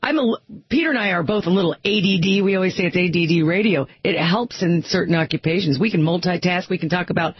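A woman co-hosting a radio talk show in a studio, chatty and quick to laugh. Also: on the low side, husky, no room sound, muffled recording.

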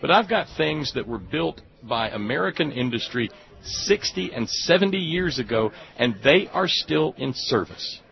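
A man speaking haltingly in a casual radio discussion, with many fillers and a gravelly voice. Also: on the high side, expressive, soft background music. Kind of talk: casual radio interview talk. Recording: dull lo-fi radio audio.

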